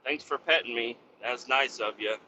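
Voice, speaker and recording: A man voicing a contented male pet dog with a mellow, drawling voice. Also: mid-range voice, normal speed, muffled recording, a little hiss or hum.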